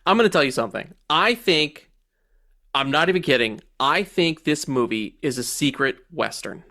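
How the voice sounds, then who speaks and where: A man's voice: a little high, animated, moderate pace, sharp tone. A man co-hosting a movie review podcast, talking in a loose, profane, jokey way and acting out quotes from the film. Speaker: podcast co-host. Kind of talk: casual movie review chat.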